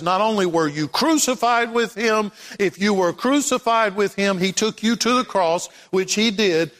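A man preaching a sermon as pastor, swinging from loud declarations to hushed passages. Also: high-pitched, in a large hall. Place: church sanctuary.

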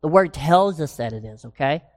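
A woman preaching a sermon with emphasis, asking the congregation rhetorical questions and slowing down on key words. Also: sits low, lively intonation, a little mellow. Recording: long reverb of a large hall.

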